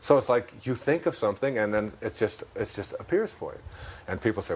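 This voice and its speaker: A man's voice: on the low side, animated, brisk, slight background noise. A man with a Detroit accent talking as an interview guest, reflective and storytelling, laughing often as he talks. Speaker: interview guest, self-help author. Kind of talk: conversational talk.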